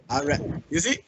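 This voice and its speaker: A man's voice: sits high, background noise. A man co-hosting a casual podcast, rambling and restarting his sentences, laughing easily, over a muffled lo-fi recording.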